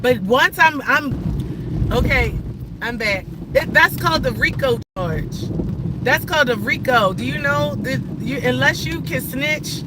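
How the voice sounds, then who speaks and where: A man live-streaming from his car while driving, ranting in a profane, combative way at his viewers. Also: very high voice. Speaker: livestreamer. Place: inside a moving car. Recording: loud car road noise.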